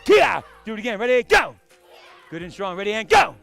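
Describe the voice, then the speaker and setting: A man teaching a live karate class, calling out short commands and shouting kiais. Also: sits high, very animated, fast, gravelly, soft background music. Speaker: karate instructor. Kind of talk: live martial arts class instruction. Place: karate studio.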